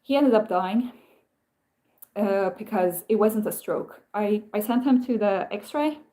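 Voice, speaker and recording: A woman hosts a casual live stream with a voice of ordinary pitch. She rambles through her stories, often stops and starts her sentences again, and turns to read and answer viewer comments. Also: unhurried, warm tone. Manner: rambling, self-interrupting storytelling with many restarts.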